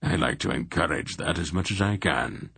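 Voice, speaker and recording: Calm old wizard guy, raspy and low, read by a man, takes his time. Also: no room sound, clean studio sound, heavily acted. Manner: calm, unhurried. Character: calm, wry old male sorcerer.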